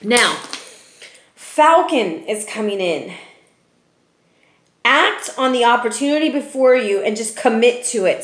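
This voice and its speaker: A woman's voice: on the high side, expressive, normal speed. A woman giving a casual tarot reading, chatty and profane, often ending remarks with "okay?". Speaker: tarot reader. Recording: roomy echo.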